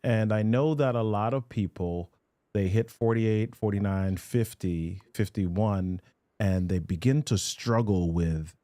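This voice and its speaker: A man with a fairly low voice hosts a podcast, posing questions with curiosity and interest. His sound is dry and close, with little room around it. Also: slow pace, dark tone, dry recording. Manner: curious, engaged listener. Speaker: podcast host. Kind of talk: conversational interview.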